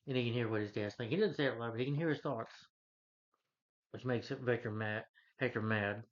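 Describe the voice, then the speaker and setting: A man's voice: mid-range voice, steady tone, fast talker. A man casually retelling a film's plot as a reviewer, rambling, with frequent restarts. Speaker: film reviewer. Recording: dull lo-fi recording.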